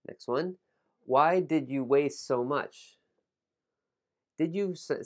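A man leads a pronunciation lesson at a middle pitch. He models words slowly and deliberately, then drops into relaxed, casual explanations between the drills. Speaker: English pronunciation teacher.

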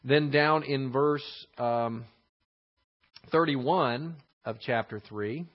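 A man's voice: medium pitch, drawn-out words. Bible teacher man, dull lo-fi sound. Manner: explanatory, rephrasing verses, frequent fillers and restarts. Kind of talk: verse-by-verse Bible lesson. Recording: slightly dull lo-fi recording.

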